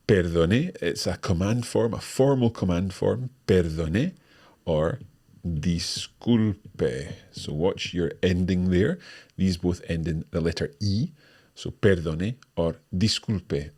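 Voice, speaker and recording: Male teacher-host, deep and husky, lively up-and-down delivery, repeats phrases for learners. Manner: repeats and stresses each phrase clearly. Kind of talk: explaining a language lesson.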